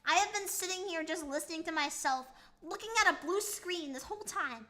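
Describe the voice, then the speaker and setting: Young woman streamer, high and bright voice, goofy rambling chat, slight S lisp. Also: brisk. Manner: goofy, rambling, playful tongue-twister attempts. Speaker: VTuber streamer. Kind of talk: casual live-stream chat reading chat.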